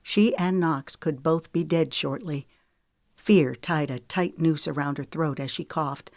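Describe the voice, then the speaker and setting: An audiobook narrator with a low, dark voice reads a novel aloud in calm, measured, scripted narration. The recording is dry and close-miked, with no room sound or echo.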